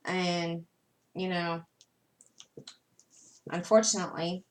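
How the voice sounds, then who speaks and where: A middle-aged woman with a light Southern American accent talks on and on in a loose, rambling way, her sentences often trailing off into fillers. Her voice sits a little low for a woman. She sounds like a crafter chatting casually to her viewers. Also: level tone, slow pace. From United States. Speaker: cross-stitch vlogger. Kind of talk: casual chat while sorting floss.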